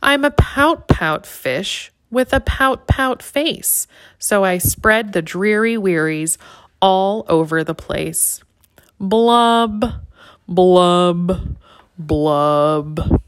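Lady reading as a gloomy pouty fish guy, slow mopey sing-song, dry close sound. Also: medium pitch, fairly bright tone, no echo. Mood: glum. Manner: mopey sing-song refrain, drawn-out blubs. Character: glum gloomy male pout-pout fish. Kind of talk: storybook reading.

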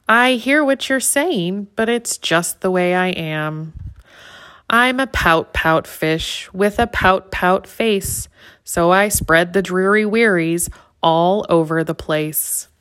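A woman's voice: fairly low pitch, slow pace, a bit bright, clean tone, dry recording. A woman voicing a glum, gloomy male fish in a storybook reading, with a mopey sing-song refrain.

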